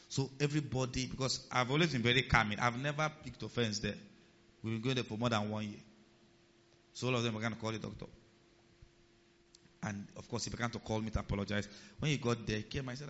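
Pastor preaching in an echoing hall. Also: male voice, medium pitch, quick pace. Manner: animated preaching, rising and dropping in loudness, asks the congregation questions. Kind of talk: sermon. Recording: reverberant hall, dull sound.

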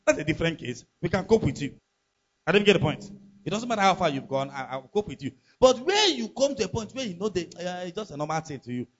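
Pastor, emphatic sermon, husky voice, muffled lo-fi recording. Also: male voice, high voice, big pitch swings, fast, a bit bright. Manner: emphatic, preaching with rhetorical questions to the congregation.

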